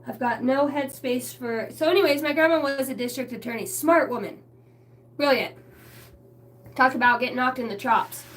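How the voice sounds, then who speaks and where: A woman's voice: high voice, a little hiss or hum. A woman rambling casually to camera from a basement, laughing often and swearing as she tells stories. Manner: laughing, profane, storytelling with quick asides. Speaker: spiritual reader and vlogger. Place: basement room lit by a ring light.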